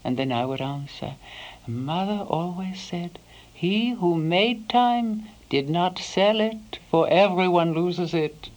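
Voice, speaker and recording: A woman playing a devoted elderly housekeeper, recalling her employer in a soft first-person monologue that sometimes sinks to a whisper. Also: lowish voice, animated, slow, low-quality recording. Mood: wistful. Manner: soft-spoken, slips into hushed whispers.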